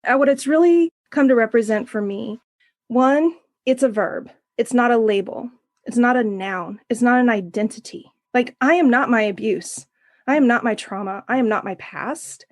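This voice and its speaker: A woman in middle age, a recovery coach, speaks as an interview guest. She is earnest and lively, her voice a touch high. The sound is dry and close. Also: moderate pace, no echo. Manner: earnest, animated storyteller. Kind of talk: interview conversation.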